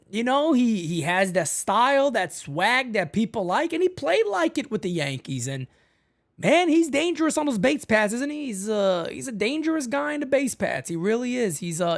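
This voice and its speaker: A woman hosting a fan channel in a casual live-stream sports chat from her home setup. She is excitable and chatty and keeps calling the audience "man" and "folks". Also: fairly high pitch.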